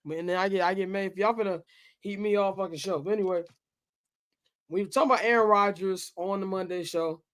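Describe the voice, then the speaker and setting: A man's voice: high voice, fairly even intonation, a little fast, a bit bright, smooth. A man hosting a talk show, brash and joking with lots of profanity. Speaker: host.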